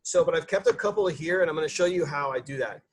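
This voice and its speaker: A man's voice: a little high, fast, a little hiss or hum. A man, a chef, giving a casual cooking demonstration in a loose, chatty way with lots of fillers and restarts.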